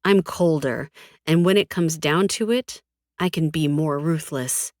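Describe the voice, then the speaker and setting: Woman, audiobook narrator, first person, cold flat delivery, low pitch, dry. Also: a little slow, no room sound. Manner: cold, flat, defiant, with frequent swearing.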